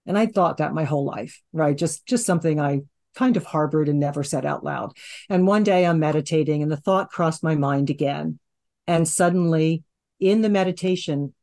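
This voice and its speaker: A woman's voice: deep voice, a little mellow. A woman in her sixties, a hypnotherapist and interview guest, telling a long personal story in a rambling conversational way, with many restarts. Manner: rambling, with restarts and "you know".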